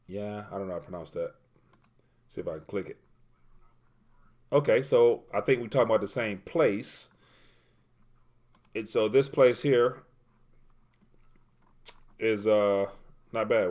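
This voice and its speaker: A man hosting a casual livestream, reading viewer comments aloud and rambling while he looks things up. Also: on the low side. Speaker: livestream host.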